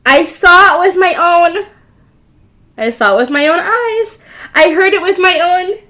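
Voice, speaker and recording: A panicky little chick from a children's storybook, put on by a woman reading aloud. She is frantic and insistent, and her voice jumps high and loud with each claim. The pace stays slow and deliberate. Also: exaggerated voice. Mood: alarmed. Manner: frantic, insistent, repeating herself.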